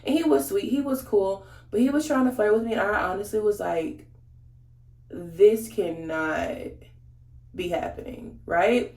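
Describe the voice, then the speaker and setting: A woman's voice: mid-range voice, fairly quick, creaky, darkish tone. A woman beauty vlogger telling a story in casual, slangy chat while she does her makeup, talking straight to her viewers. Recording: roomy echo.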